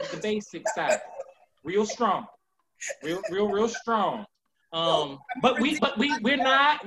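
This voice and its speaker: A woman co-hosting a podcast, putting questions to the others in an unhurried, repetitive way. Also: mid-range voice, lo-fi sound, noisy background. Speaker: podcast co-host asking questions. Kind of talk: casual chat.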